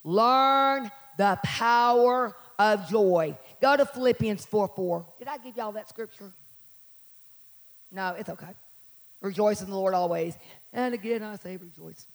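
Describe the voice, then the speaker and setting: A middle-aged woman pastor with a scratchy voice, preaching a sermon and breaking into shouted exhortations and sung lines. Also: medium pitch, moderate pace, pauses often. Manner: preaching with call-outs, shouting and singing.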